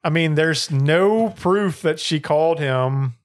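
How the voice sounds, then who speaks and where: A man's voice: fairly high pitch, takes it slowly. Rambling, laid-back male storyteller. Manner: rambling storytelling, full of "like" and "or whatever". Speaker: podcast co-host, storyteller. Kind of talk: casual chat.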